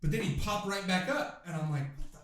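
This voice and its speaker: A man in his twenties, a guest on a podcast, tells a story in a casual, profane, animated way and acts out the quoted lines. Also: high-pitched, fairly quick. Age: 20s. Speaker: podcast guest, pro MMA fighter. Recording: roomy room, faint noise.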